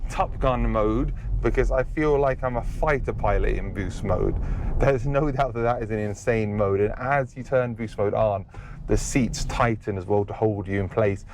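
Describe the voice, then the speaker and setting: Low-voiced man gushing over a car. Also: normal speed, darkish tone, slight background noise. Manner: gushing, superlative-heavy. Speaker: car tech reviewer. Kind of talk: enthusiastic car review. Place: inside a car.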